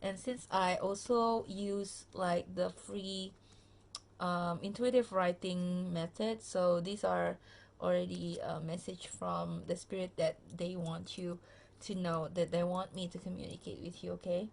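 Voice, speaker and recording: A woman's voice: lowish voice, little pitch movement, a little slow, vocal fry, darkish tone, a little hiss or hum. A tired woman giving a casual pick-a-card tarot reading to her viewers into a phone camera, chatty and full of fillers, speaking straight to the listener. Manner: chatty, many fillers and restarts, addresses viewer directly. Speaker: tarot reader.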